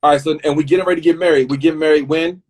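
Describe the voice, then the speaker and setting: A man's voice: a little high, steady tone, rapid-fire, darkish tone. A man hosting a live online interview over a video call, talkative and prone to repeating words as he rephrases his questions. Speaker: host. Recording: husky video-call audio that drops out.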